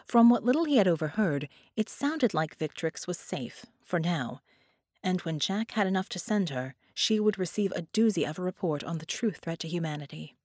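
Low-voiced woman narrating a story. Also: expressive, moderate pace, a little mellow, no room sound, clean studio sound. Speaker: audiobook narrator. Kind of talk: scripted narration.

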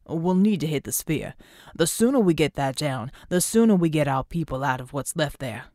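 A woman reading an audiobook, voicing a steady, courtly male superhero who speaks formally and politely. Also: sits low, moderate pace, no echo, studio quality, voice pushed down. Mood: warm courtly. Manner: formal, polite, calls her "Miss".

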